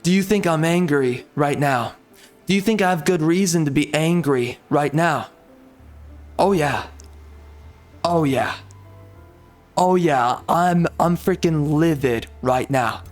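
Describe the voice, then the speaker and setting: A man's voice: a little high, takes it slowly, long pauses, soft background music. A man ranting angrily and repeating himself while commenting over gameplay in a video. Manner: angry, repetitive, exasperated ranting. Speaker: gaming video creator.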